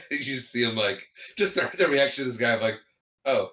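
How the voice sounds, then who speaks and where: A man's voice: medium pitch, a little fast, bright, forceful tone, distant mic. A man co-hosting a podcast, chatting casually about a film, laughing along and joking back. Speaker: podcast co-host. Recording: roomy dull lo-fi mic.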